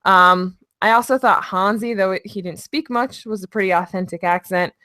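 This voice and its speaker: A woman from North Dakota co-hosting a casual podcast, chatty and quick to laugh. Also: medium pitch, pushed and bright, clean tone, no echo, clean studio sound. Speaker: podcast co-host. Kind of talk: casual chat.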